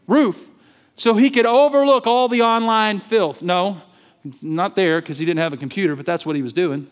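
A male pastor preaching a sermon in an animated, conversational storytelling way. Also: high-pitched, moderate pace.

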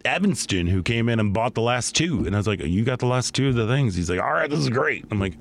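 A playful man chatting on a radio talk show, his voice sitting at an everyday middle pitch. He talks theatrically, hams up his stories and laughs easily. The sound is a clean radio studio recording. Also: expressive, quick pace, creaky. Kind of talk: casual holiday chat.

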